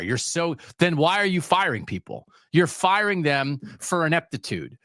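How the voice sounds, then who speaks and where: A man's voice: fairly high pitch, big pitch swings, normal speed, a bit bright, no room sound, clean studio sound. A man hosting a sports talk podcast, delivering a sarcastic, emphatic solo rant.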